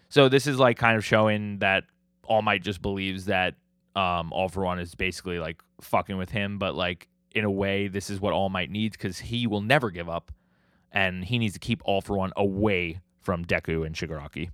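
A man's voice: low voice, fairly even intonation, moderate pace, fairly bright tone, dry recording, studio quality. A man hosting a podcast, recapping comic chapters in a casual, rambling way, full of "like" and casual swearing. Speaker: podcast host.

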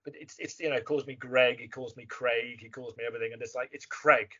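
A man with an English accent chatting as a guest in an interview, animated and imitating other voices as he tells stories. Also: mid-range voice, fast talker, breathy edge. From England. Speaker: guest actor. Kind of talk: casual interview chat. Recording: muffled lo-fi remote audio.

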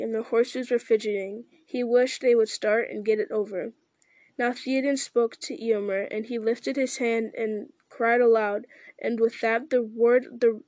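A woman reading a fantasy novel aloud in a steady voice, stumbling and restarting now and then. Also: on the high side, dry recording. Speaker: audiobook reader.

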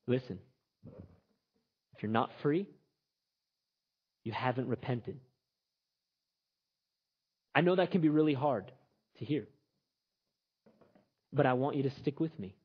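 Animated, husky-voiced male preacher. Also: mid-range voice, slow pace, pauses often. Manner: animated, conversational, acts out characters. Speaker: pastor. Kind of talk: sermon. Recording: slightly muffled recording.

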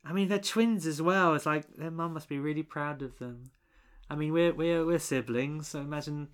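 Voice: mid-range voice, normal speed. A co-host reviewing a film in casual chat, rambling with many restarts and fillers.

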